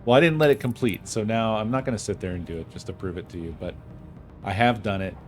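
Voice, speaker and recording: A man with a lowish voice talks quickly over soft background music while streaming a game. He vents casually and with frustration, swearing a lot, and mentions that he isn't feeling well.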